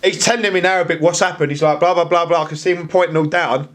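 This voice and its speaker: A man telling a story on a podcast in casual chat, acting out the voices of the people he quotes. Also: fast. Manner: animated, acts out quoted voices with big pitch jumps. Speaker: podcast guest.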